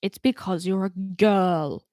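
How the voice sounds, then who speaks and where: A woman's voice: mid-range voice, slow pace, dark tone, no echo, studio quality, natural voice. A woman voicing a bad-tempered male fairy police commander who roars and makes demands, in a storybook reading. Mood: lecturing. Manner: roaring, demanding.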